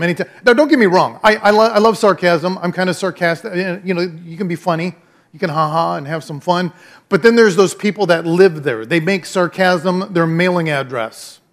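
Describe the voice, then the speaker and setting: A pastor with a notably high-pitched voice delivers a sermon. His style is conversational and emphatic, returning to his main phrases again and again.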